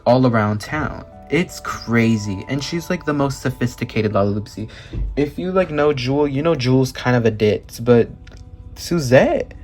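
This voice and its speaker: A man chatting in a casual vlog, gushing over his subject with breathless excitement, filler words and offhand swearing. His voice sits at an ordinary middle pitch, with faint music playing softly underneath. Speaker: doll collector and reviewer.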